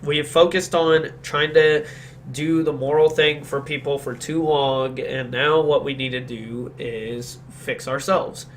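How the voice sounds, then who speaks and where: A man's voice: medium pitch, fairly even intonation, a little slow, slight background noise. A man hosting a podcast, chatting casually about politics in a blunt, opinionated way and agreeing emphatically. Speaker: podcast host.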